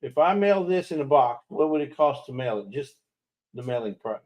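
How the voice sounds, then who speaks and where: A man chats through a casual livestream, teasing viewers and talking straight to his chat. His voice sits in an ordinary middle pitch and he keeps an easy, talkative manner. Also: expressive, moderate pace, lo-fi sound. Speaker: livestream host.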